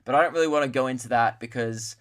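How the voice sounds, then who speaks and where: A man's voice: mid-range voice, quick pace, a bit bright. Young guy riffing solo on his comedy podcast, loose and self-mocking. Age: 20s. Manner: rambling, self-mocking, puts on voices for impressions. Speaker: podcast host.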